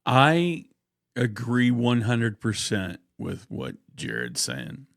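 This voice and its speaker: Gravelly, slow-talking man, laughing a lot. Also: mid-range voice, huge pitch swings. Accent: Oklahoman. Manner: laughs often, rambling with fillers. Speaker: podcast co-host. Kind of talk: casual banter.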